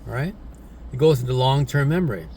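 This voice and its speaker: This English teacher has a mid-range, darkish voice with lively intonation and talks fairly quickly over a little hiss or hum. His casual lesson is repetitive, and he keeps adding tag questions such as "right?" and "isn't it?".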